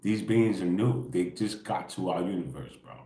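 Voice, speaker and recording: A spiritual livestream host with a very deep, low voice rambles in a laid-back way at a moderate pace during an early-morning stream. He stays quiet and casual, adding "bro" and "right?" to nearly every sentence, and the room is echoey.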